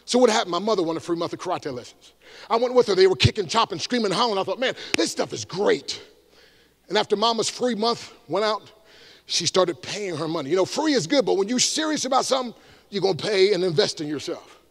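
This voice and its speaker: Evangelist, high gravelly voice, shouts call-and-response lines at the crowd. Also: male voice, animated, fast talker. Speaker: evangelist and motivational speaker. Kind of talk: energetic stage motivational talk. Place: large room before a live audience.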